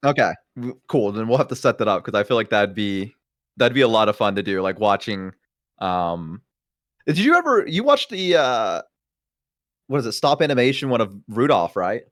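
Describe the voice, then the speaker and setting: A man's voice: fairly low pitch, sing-song, moderate pace, dry recording, clean studio sound. A man guest streamer in casual chat, rambling through stories and laughing often.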